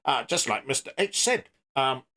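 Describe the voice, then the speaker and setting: A man's voice: mid-range voice, normal speed. A man playing an evasive, broke crypto founder. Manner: evasive, meandering, deadpan.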